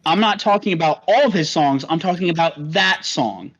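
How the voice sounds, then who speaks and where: A man's voice: on the high side, moderate pace, a bit bright. A young man co-hosting a podcast, bantering casually and arguing his point. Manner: argumentative, reads lyrics aloud mockingly. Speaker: podcast co-host. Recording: dull lo-fi sound.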